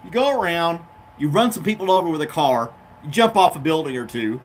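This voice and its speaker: A man's voice: on the high side, animated, brisk, slight background noise. A man hosting his own show, chatting casually and off the cuff, rambling between topics and talking to his dog. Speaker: podcast host. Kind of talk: casual chat.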